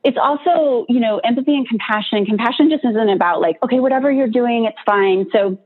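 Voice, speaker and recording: A woman's voice: a little high, a little fast. A woman giving an informal, encouraging talk on coping with stress, chatty and full of "right?" tags. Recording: tinny phone-like line.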